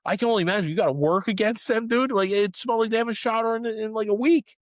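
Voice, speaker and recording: A middle-aged man co-hosting a podcast, telling stories in an animated way and often saying "man" and "dude". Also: sits high, quick pace, dry recording, clean studio sound. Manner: animated storyteller, swears, says "man" and "dude" a lot. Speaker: podcast co-host. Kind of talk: casual chat.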